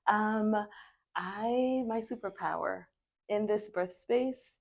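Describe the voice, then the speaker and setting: Slow-spoken playful woman midwife. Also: medium pitch, gravelly. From Kenya. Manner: playful, laughs easily. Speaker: nurse midwife. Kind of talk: round table introduction.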